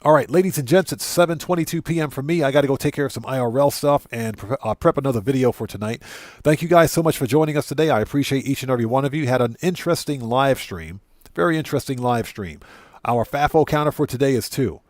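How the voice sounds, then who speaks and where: A man's voice: mid-range voice, fast talker, darkish tone, dry recording, studio quality. A man chatting casually with viewers while streaming a game, greeting them by name and often repeating and correcting himself. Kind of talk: casual livestream chat.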